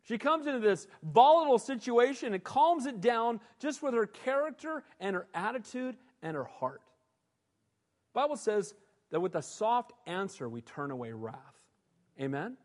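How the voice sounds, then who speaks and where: A man's voice: high voice, very animated, unhurried. A male pastor preaching a sermon in a conversational style, often asking the congregation "amen?". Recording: long hall reverb.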